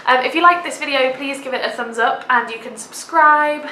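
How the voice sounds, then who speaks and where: A woman's voice: high-pitched, normal speed, bright, forceful tone, echoey room, a little hiss or hum, rough recording. A young woman vlogging a theatre review, gushing with enthusiasm and dropping lots of "like"s. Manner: gushing, enthusiastic, many filler "like"s. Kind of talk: casual theatre review vlog.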